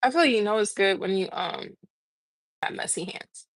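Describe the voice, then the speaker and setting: A young woman of medium pitch speaks at a normal speed while hosting a laid-back morning live stream. She sits in her home kitchen, eating, chatting and laughing through her stories, recorded on her phone's mic.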